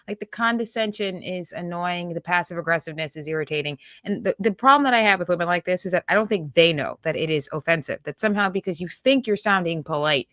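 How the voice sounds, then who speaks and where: A woman with a fairly low voice hosts a political commentary show and reacts to a clip she plays. She talks bluntly and with open scorn. Her voice is recorded close and dry, with no room sound. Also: fast, few pauses, fairly bright tone, no room sound.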